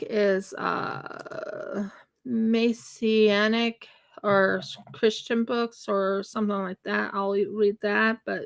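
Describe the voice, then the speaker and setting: A woman chatting on a craft live stream, unhurried and rambling with fillers. Her voice is gravelly with creak and sits a little high. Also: a bit bright. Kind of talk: casual chat while crafting on a live stream.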